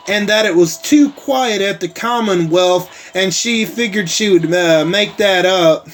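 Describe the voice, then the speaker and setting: A man's voice: sits high, a bit bright. A man hosting a casual TV episode recap, rambling along with lots of "like" and "uh" fillers and some casual swearing.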